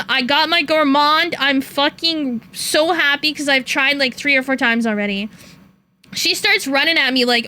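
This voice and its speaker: Bright-voiced young woman streamer venting. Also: sits high, moderate pace. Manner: animated venting, swearing and laughing. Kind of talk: casual stream chat.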